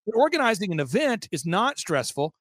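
A man with a high voice tells an animated anecdote as an interview guest. He acts out the people he quotes and restarts his sentences often. The sound is dry and close. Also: a little fast, no echo. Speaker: interview guest, event organizer. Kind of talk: fast storytelling anecdote.

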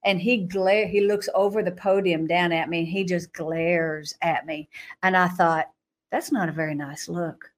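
A woman guest telling her personal testimony in an interview. She talks dramatically, acts out her own past thoughts with sudden jumps in pitch, and laughs between phrases. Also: steady tone, normal speed. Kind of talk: animated testimony storytelling in an interview.

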